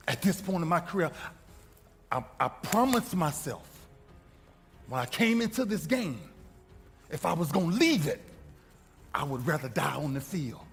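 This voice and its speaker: A husky-voiced man tells a story with fierce conviction, his pitch riding high and leaping all over the place. He swings from shouts down to hushed near-whispers. The sound comes from an echoey hall with music underneath. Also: big pitch swings, moderate pace, pauses often. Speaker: former football player giving a motivational talk. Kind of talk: impassioned motivational storytelling.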